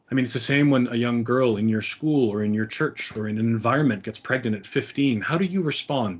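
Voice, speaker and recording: A man's voice: lowish voice, slightly rough. A middle-aged man giving an earnest, conversational talk to parents, with frequent fillers and restarts. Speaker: speaker.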